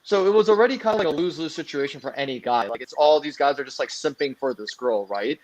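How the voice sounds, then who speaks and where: A man's voice: a little high, quick pace, rough recording. A man guesting on a casual chat, telling a story in a rambling way with many fillers.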